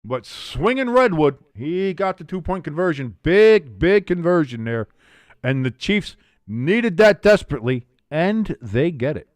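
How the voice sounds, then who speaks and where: Young guy doing casual play-by-play on a stream, kinda high voice, dry close sound, chats with viewers between plays. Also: measured pace, no room sound. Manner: excitable, rising sharply on big plays; chatty asides, reading out viewer comments. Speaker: watch-along stream host.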